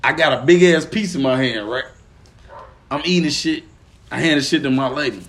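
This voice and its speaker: A man from Pine Bluff, Arkansas, co-hosting a podcast and telling a long story in casual, profane slang. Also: a little fast. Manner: animated, profane, slangy, often lowers voice then bursts up laughing. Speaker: podcast co-host.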